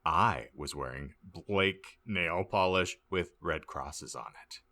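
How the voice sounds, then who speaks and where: A man reading a badly written story aloud as a comic audiobook, deadpan and stumbling over misspelled words. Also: deep voice, takes it slowly. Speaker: podcast host reading aloud.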